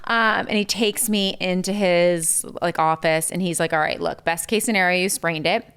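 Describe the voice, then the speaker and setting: On a podcast, a young woman tells a story as a guest, her fairly low voice smooth and steady at a moderate pace. She's chatty, peppering her speech with "like" and "um" and acting out what other people said in this casual storytelling interview.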